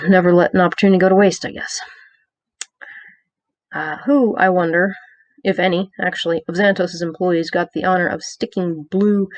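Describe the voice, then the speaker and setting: A woman's voice: lowish voice, no echo. A woman reading aloud her own episode review, summing up the plot with dry, joking asides and small hesitations. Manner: wry, joking asides between plot summary; reads from a script with small hesitations. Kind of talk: read-aloud review with commentary.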